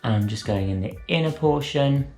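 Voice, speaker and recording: A man's voice: medium pitch, lively intonation, normal speed, a little mellow. Brief: male drag makeup vlogger, rambling playful chat, room echo with faint music. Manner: rambling, self-correcting, playful. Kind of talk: chatty makeup tutorial. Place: room at home.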